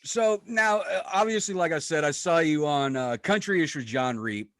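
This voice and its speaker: A male podcast host in a casual interview, eager and chiming in with laughs and quick reactions. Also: fairly high pitch, animated, a bit bright, no room sound, clean studio sound.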